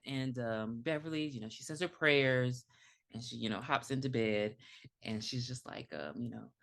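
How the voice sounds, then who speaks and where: A woman's voice: a bass voice, normal speed, gravelly, fairly bright tone. A woman co-hosting a podcast, casually retelling a movie with lots of fillers and laughter. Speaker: podcast co-host. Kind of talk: casual movie review chat.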